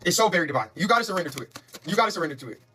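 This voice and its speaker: A man doing a live-streamed tarot reading, talking in quick, repetitive, emphatic bursts with preacher-like spiritual affirmations. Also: high voice, faint music behind. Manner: fast, repetitive, emphatic and excitable. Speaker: tarot reader.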